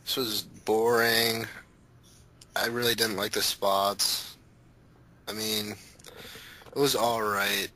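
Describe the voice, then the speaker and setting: A man's voice: on the low side, little pitch movement, slow pace, long pauses, bright, forceful tone, rough recording. A man on a casual panel chat, blunt in his opinions and hesitant with "like".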